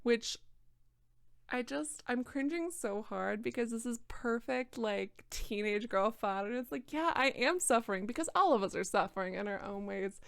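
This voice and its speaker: A woman's voice: on the high side, expressive, moderate pace, gravelly, a bit bright, clean tone, dry recording, studio quality. A tipsy young woman reading a book aloud and roasting it, sarcastic and rambling, often restarting her sentences. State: tipsy from wine. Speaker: book reader and commentator.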